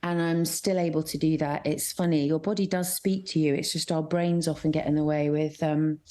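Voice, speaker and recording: Middle-aged woman from scotland chatting on the radio, lowish voice, lots of ums, talks fast in bursts. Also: fairly even intonation, mellow. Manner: candid, chatty, many restarts and fillers, quick bursts. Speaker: actress, guest. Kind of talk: radio interview.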